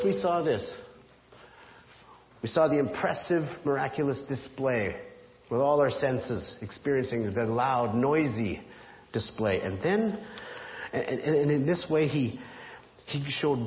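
A man preaching a sermon, retelling a story in an animated, conversational way. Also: mid-range voice, slight background noise. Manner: animated, drops to a hushed voice for the whisper. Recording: dull roomy hall sound.

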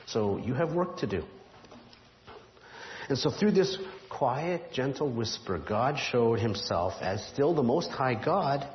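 A man preaching a sermon, retelling a story in an animated, conversational way. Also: mid-range voice, slow pace, slight background noise. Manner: animated, drops to a hushed voice for the whisper. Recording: dull roomy hall sound.

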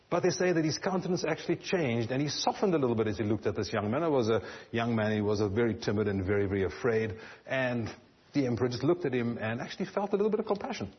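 A man preaching a sermon as a pastor, earnest, his phrases often trailing off softly at the ends. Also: medium pitch, animated, quick pace, highs cut off.

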